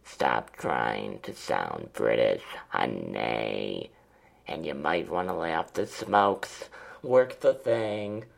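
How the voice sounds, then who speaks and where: A man playing a crude, foul-mouthed twenty-five-year-old woman smoker who hosts a call-in comedy show, insulting and profane, with a gravelly smoker's rasp. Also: a bass voice, expressive, slow pace, full character voice. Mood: sneering.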